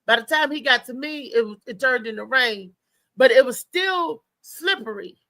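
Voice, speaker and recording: Animated high bright-voiced woman comedian. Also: moderate pace, no echo. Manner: animated, laughing, acts out voices in her stories. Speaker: stand-up comedian guest. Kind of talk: casual chat, comic storytelling.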